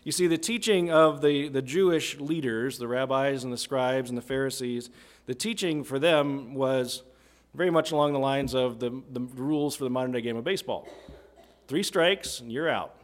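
A man's voice: medium pitch, normal speed. A man preaching a sermon in a conversational way, often asking his listeners "right?" as he explains a passage. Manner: conversational, asks listeners questions, tag "right?".

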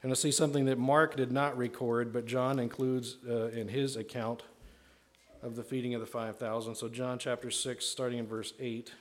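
Preaching in a conversational style, a pastor speaks at normal speed in a mid-range, level voice. He keeps checking in with "right?" and acts out the voices of those he quotes.

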